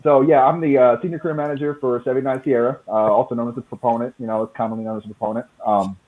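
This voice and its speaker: A man's voice: medium pitch, steady tone, very fast. A man from Philadelphia, a guest who talks in a self-deprecating way and laughs as he speaks. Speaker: guest, senior career manager. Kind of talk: casual livestream chat. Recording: dull lo-fi audio with faint hiss.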